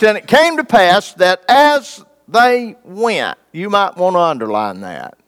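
A man's voice: sits high, sing-song, fairly bright tone, smooth. A man preaching a sermon, reading scripture and asking his congregation questions in a folksy way. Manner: folksy, asks the congregation questions, dramatic pauses.

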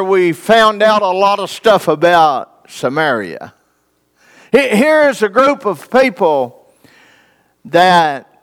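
A man's voice: high voice, a bit bright, smooth. A man preaching a sermon, reading scripture and asking his congregation questions in a folksy way. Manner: folksy, asks the congregation questions, dramatic pauses.

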